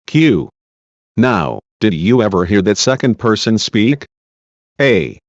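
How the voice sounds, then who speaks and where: Slow low-voiced man reading transcripts. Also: sing-song, no echo. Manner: reads speaker labels aloud. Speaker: channel host reading a court transcript. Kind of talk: reading a deposition aloud. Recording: dull lo-fi recording.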